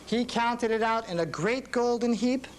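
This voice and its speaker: A man's voice: very high-pitched, moderate pace, noisy background. A man, a music teacher, reading a rhyming children's story in a sing-song way. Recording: reading with instruments playing.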